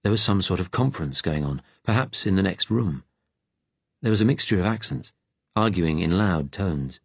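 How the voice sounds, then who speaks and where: A man narrating an audiobook in a measured, even way. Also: deep voice, slightly rough, no room sound. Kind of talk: scripted narration.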